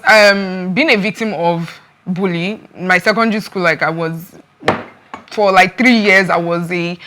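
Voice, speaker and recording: A woman, co-hosting a casual panel chat and telling stories with lively acted-out quotes. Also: medium pitch. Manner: animated storyteller, acts out quotes. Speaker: show co-host.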